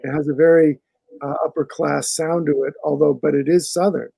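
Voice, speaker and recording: A man's voice: on the high side, fairly even intonation, a little fast, creaky, mellow, breathy edge, no room sound, poor audio. A man, an author being interviewed on a video call, answering casually and often restarting his sentences as he thinks. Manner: rambling, restarts phrases while thinking. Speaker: author guest.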